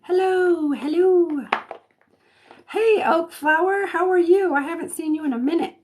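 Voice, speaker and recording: Slow-talking chatty woman host. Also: extremely high pitch, background noise. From Colorado, United States. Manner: chatty, laughs often, frequent ums and restarts. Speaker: intuitive reader, live stream host. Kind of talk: casual live-stream chat greeting viewers. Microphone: phone or webcam mic, live stream.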